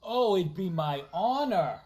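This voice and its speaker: Low-voiced Massachusetts streamer, lively pitch. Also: female voice, measured pace, husky. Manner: playful, reads out donations. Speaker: stream host. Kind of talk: casual livestream chat.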